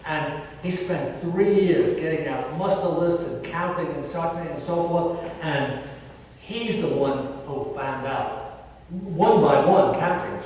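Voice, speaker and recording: A man's voice: a little high, a little mellow, slight background noise. An older American man, a historian, telling history as a lecture with wry storytelling asides. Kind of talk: public history talk. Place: historic hall, indoors. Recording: echoey hall from far off.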